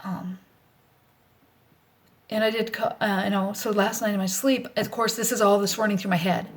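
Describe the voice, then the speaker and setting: A middle-aged woman talking candidly in a personal vlog, rambling and blunt, swearing freely, anxious, and often dropping into a soft whisper. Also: medium pitch, fairly even intonation, normal speed. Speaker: vlogger.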